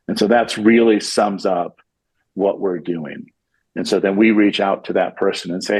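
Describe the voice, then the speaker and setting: A man talks in a relaxed, rambling way, often restarting his sentences. His voice sits low and sounds husky. It is recorded close and dry, with no room sound. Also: normal speed, dry recording, poor audio. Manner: rambling with frequent restarts and fillers. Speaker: podcast guest, CEO. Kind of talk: casual conversational interview.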